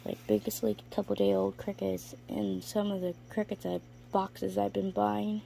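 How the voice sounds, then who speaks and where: A woman talking casually in a vlog as she walks past her reptile enclosures, chatting about her pets and now and then slipping into high baby talk for them. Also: little pitch movement, moderate pace, vocal fry, warm tone, slight background noise. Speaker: reptile keeper vlogger. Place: indoors in a room full of reptile enclosures.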